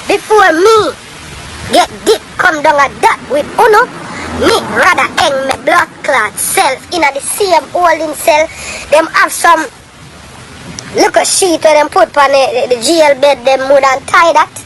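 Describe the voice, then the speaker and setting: A woman from Jamaica with a Jamaican accent, delivering a heated, swearing rant on a livestream and shouting at times. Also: high voice, a little slow, noisy background.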